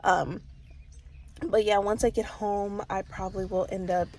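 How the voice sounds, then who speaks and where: A woman's voice: mid-range voice, fairly even intonation, unhurried, very noisy. A woman chatting casually in a book vlog, rambling with lots of fillers and restarts, openly emotional. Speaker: book vlogger. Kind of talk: casual reading vlog chat. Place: parked car.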